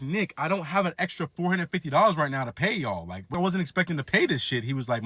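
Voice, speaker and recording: A man's voice: on the high side, big pitch swings, fast talker, few pauses, fairly bright tone, no room sound. A man on a podcast, telling a long story in casual chat, acting out a phone call and swearing freely. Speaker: podcast co-host.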